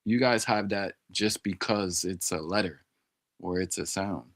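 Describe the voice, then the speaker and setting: A man with a lowish voice talks unhurriedly on a casual live stream. He thinks out loud, repeating and sounding out words as he works through them, and addresses his viewers directly. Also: a little slow. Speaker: streamer studying Arabic.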